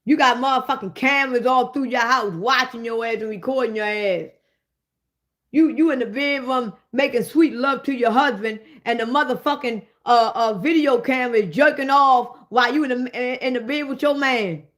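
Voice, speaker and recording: A woman in a comedic rant, swearing freely and calling out to her listeners. Her voice sits high, and her delivery is animated. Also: moderate pace. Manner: profane, animated, addressing listeners directly. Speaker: host.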